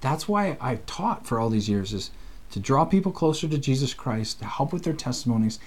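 A playful, talkative man from Canada co-hosts a relaxed conversation. He speaks at a middle pitch and slips into quick voices whenever he quotes someone. He talks like a former teacher who loves to tell stories. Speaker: co-host, former seminary teacher. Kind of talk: casual chat.

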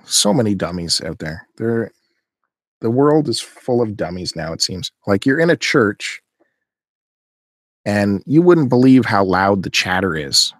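A man's voice: on the low side, expressive, a little slow, dry recording, clean studio sound. A man chatting casually on a podcast, ranting and teasing in an opinionated way. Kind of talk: casual chat.

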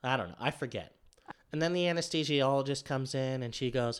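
A man's voice: mid-range voice, brisk, clean tone. A man telling a story in a casual chat, rambling with many fillers and acting out what others said. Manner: rambling, filler-heavy, acts out quotes.

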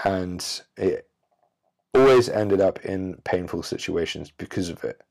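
Blunt, profane man with a lowish voice. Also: a little slow, creaky, a little mellow. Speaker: podcast host. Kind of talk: solo podcast monologue.

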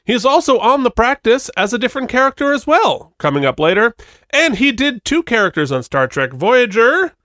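A man's voice: very high voice, sing-song, brisk, pushed and bright, no echo. A man co-hosting a podcast, rambling and poking fun at himself in casual chat. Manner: rambling and self-mocking. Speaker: podcast co-host.

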